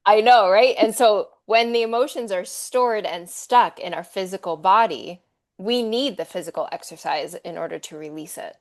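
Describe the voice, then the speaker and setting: A woman guest on a podcast, explaining ideas about emotions and the body in an animated, chatty way. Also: mid-range voice, normal speed. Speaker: therapeutic theatre practitioner, podcast guest. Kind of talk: casual podcast chat.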